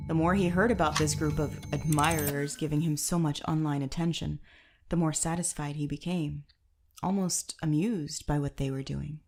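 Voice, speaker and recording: A very low-voiced woman reads scripted narration with a dramatic storytelling delivery. Faint noise sits beneath her voice. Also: fairly even intonation, normal speed, a little mellow.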